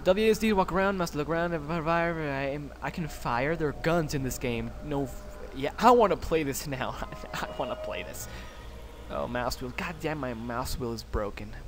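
A man hosting let's play commentary, excitable, cursing freely and yelping when startled. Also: a little high, normal speed, noisy background. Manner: excitable, swears a lot, yelps when startled. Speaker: gaming channel host.

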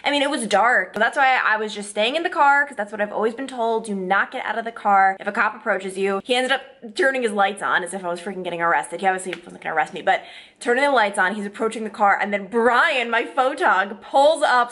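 Casting note: a young woman in her twenties, chatty vlogger, a mid-range voice, filler-heavy and expressive. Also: mid-range voice, fast. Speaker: TV news reporter and vlogger. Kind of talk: casual vlog talk to camera.

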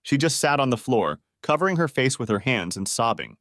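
A man reading a first-person story aloud in a steady, even manner. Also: mid-range voice, brisk, dry recording, clean studio sound. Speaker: audiobook narrator.

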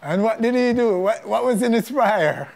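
A man's voice: very high-pitched, lively intonation, normal speed, vocal fry, darkish tone. A man hosting a talk show, asking his guest casual questions.

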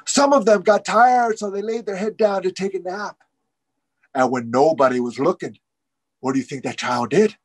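A man's voice: high voice, moderate pace, no room sound, low-quality recording. A man telling a traditional story with rhythmic, repeating phrases. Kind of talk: oral storytelling.

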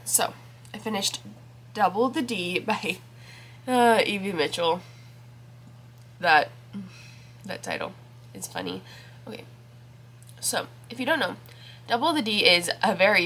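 A book vlogger with a medium-pitched, slightly bright voice chats casually about her week and her reading. Congested and scratchy-throated, she rambles with lots of fillers.

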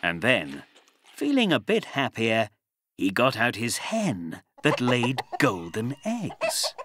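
A man narrating a children's storybook in an expressive, sing-song reading voice. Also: mid-range voice, background noise.

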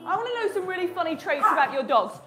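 A woman's voice: very high voice, sing-song, fast talker, loud music behind the voice. A woman leading a live home workout, cueing the moves with upbeat encouragement and chatting to her dog between counts. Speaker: fitness instructor.

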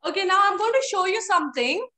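A woman teaching young children over a video call, playful and encouraging with a sing-song lilt. Her voice sits very high and bright. A faint hiss sits behind her computer mic. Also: animated, fast talker. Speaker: online phonics teacher. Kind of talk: live online class with young children.

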